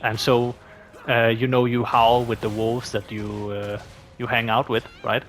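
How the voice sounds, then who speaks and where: Young Danish-accented man, gaming creator, loose rambling Q&A delivery, mid-pitched voice. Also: flat delivery, measured pace, a bit bright. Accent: Danish, with a slight British tinge. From Denmark. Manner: rambling, with frequent restarts and fillers. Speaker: gaming YouTuber. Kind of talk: casual Q&A monologue.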